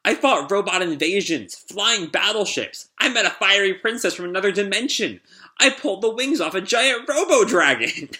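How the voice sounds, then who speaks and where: A restless, bold lemur girl from a comic, voiced by a man reading aloud. She speaks in a lifted, bright voice and fires off eager exclamations. Her lines are jumpy and excited. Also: sits high, pitched above the performer's own voice, full character voice. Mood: boastful. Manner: eager, rapid-fire exclamations.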